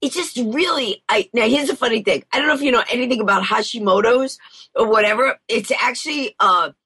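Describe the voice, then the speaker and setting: Fast-talking bubbly woman storyteller. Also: a little high, sharp tone, breathy edge. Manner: rapid, bubbly storyteller acting out voices. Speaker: guest, motivational speaker and comedian. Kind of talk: storytelling in an interview.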